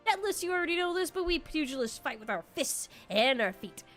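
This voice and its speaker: A woman voicing a gruff male guildmaster as she reads game dialogue aloud on a stream, pushing her voice down to sound rougher. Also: high voice, very animated, fairly quick, fairly bright tone, soft background music, pitched above the performer's own voice. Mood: instructive. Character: gruff male guildmaster, brusque then welcoming.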